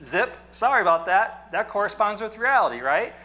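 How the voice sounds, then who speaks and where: Man teacher, bright voice, chatty lecture style with jokes and questions to the class. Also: high-pitched, big pitch swings, normal speed. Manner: conversational, joking, asks the class questions.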